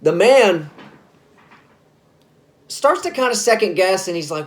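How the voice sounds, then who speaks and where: Male storyteller, casual and rambling, lively swooping delivery. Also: sits high, slow pace, long pauses. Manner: casual, rambling, self-correcting. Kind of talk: spoken scary story narration.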